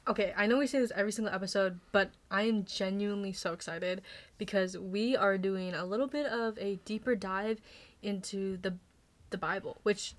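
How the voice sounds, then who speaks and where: A young woman co-hosting a faith podcast with her mother, upbeat and speaking in quick, excited bursts. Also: mid-range voice. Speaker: podcast co-host, daughter.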